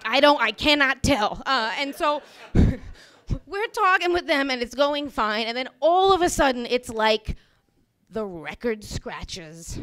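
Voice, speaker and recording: A woman with a somewhat high voice tells a comic personal story to a live crowd at a small bar venue. She is animated and wry and keeps tossing in "you know" as she goes. Her voice comes through a stage microphone. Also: takes it slowly.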